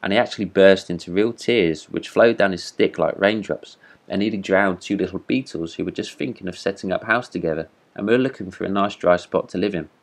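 A man reading a classic fairy tale aloud as a storyteller, in steady read-aloud narration. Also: low-pitched, fairly quick.

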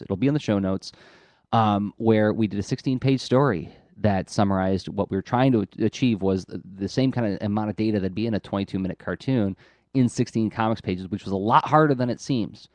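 A man co-hosts an art podcast in an eager, rambling way. His voice is on the low side and full of fillers and restarts. He speaks into a close mic in a dry-sounding room. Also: darkish tone, no room sound. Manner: enthusiastic, rambling, frequent fillers. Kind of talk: casual explaining chat.

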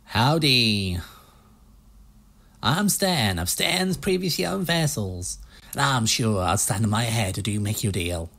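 A man voicing a pushy, fast-talking used-ship salesman with a put-on American salesman accent, reading game dialogue. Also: lowish voice, expressive, vocal fry, fairly bright tone, heavily acted. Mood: smooth salesy. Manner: slick, hard-selling patter.

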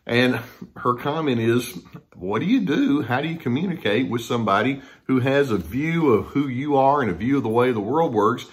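A man's voice: medium pitch, lively intonation, normal speed. Conversational male counselor. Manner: conversational, acts out the people he quotes. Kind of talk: talking to camera about difficult people.

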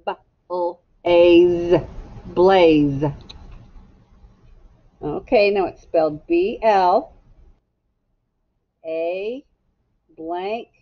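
Very slow, patient woman teaching phonics. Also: fairly low pitch, muffled recording. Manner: patient, sounds out letters one by one. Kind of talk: slow, drawn-out phonics lesson.

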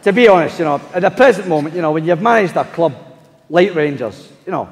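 A man's voice: fairly high pitch, fast talker, slight background noise. A man impersonating a rambling football man, full of fillers, on a live stage. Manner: rambling, full of fillers, deadpan self-regard. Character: rambling Scottish ex-player tipped as manager. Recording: live hall with audience.

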